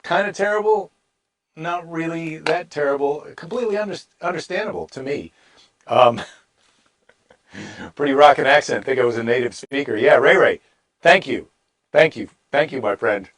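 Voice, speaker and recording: A man's voice: mid-range voice, moderate pace, long pauses, fairly bright tone. A middle-aged man, a comedian hosting a daily show, reading a Bible story aloud and breaking off into wry, rambling asides.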